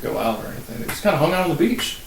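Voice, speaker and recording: A man's voice: a little high, sing-song, very fast, gravelly, far from the mic. A man co-hosting a podcast, casually retelling old myths in a laid-back, irreverent way. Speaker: podcast co-host. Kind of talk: casual chat. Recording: echoey room with faint hiss.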